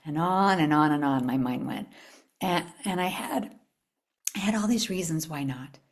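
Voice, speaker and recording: A middle-aged woman from the United States hosting a live spiritual retreat talk, telling a story with upbeat invitations and soft, hushed stretches. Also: lowish voice, brisk. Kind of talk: live online talk to a group.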